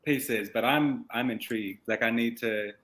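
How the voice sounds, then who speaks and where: A man co-hosts a live stream, easygoing and chatty, leaning on "like" as he talks. His voice sits at an ordinary pitch for a man. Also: moderate pace, a bit bright. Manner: easygoing, filler-heavy, says "like" often. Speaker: medium, co-host. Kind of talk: casual live-stream chat.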